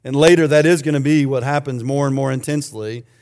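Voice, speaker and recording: A man's voice: medium pitch, steady tone, fast, darkish tone. A man preaching a sermon in a conversational way, explaining a passage verse by verse with joking asides to the congregation. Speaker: pastor.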